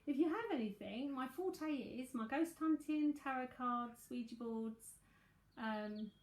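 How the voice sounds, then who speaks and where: A chatty woman in her forties with a South London accent, talking in a slightly high voice as she gives readings and answers questions. Her breezy, aside-filled talk rings out in a roomy, echoey space. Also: a little slow. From South London, England. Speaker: psychic medium and tarot reader. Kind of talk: live-streamed psychic reading and chat. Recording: echoey room.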